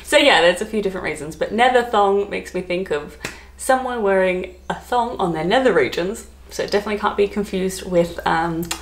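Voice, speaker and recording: A woman's voice: mid-range voice, brisk, a little hiss or hum. A woman with an Australian accent chatting to camera as a travel vlogger, giggly and full of "like" fillers. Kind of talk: casual chat to camera. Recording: roomy echo.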